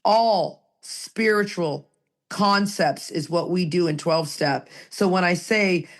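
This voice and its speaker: A woman co-hosting a recovery podcast, talking in a lively, rambling way and reading passages aloud. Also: fairly low pitch, unhurried. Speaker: podcast co-host. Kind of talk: casual recovery podcast chat.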